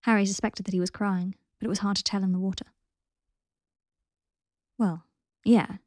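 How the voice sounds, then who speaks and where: A woman narrating a story aloud in a calm, steady way. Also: medium pitch, very fast, no room sound, studio quality. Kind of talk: audiobook reading of fan fiction.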